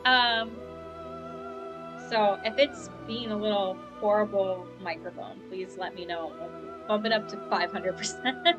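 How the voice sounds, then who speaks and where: Over background music, a young woman streams a game from home and chats in a rambling, upbeat way. Her medium-pitched voice stays fairly even and measured, and the lavalier-mic recording sounds muffled.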